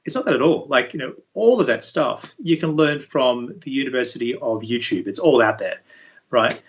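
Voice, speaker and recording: A man speaking as an interview guest, a university VFX lead explaining things in a relaxed, conversational way. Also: mid-range voice, moderate pace, rough recording. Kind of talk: casual interview chat.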